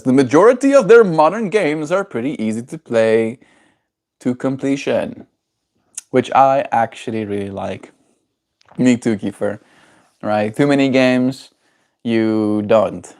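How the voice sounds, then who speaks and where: A man's voice: fairly low pitch, vocal fry, a little mellow. A man with a South African accent chatting casually on a livestream, rambling, chuckling often and reacting to viewers' comments. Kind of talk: casual live-stream chat.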